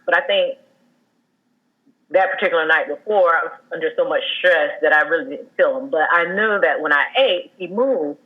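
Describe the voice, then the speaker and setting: A woman in her thirties, a guest telling her own story in a candid, halting way, with many fillers and restarts. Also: deep voice, phone-quality sound. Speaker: guest sharing a personal loss story.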